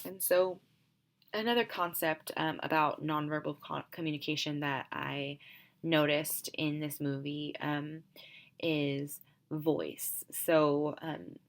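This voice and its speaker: A young woman giving a casual class presentation as a student, hesitant and full of filler ums. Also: low-pitched.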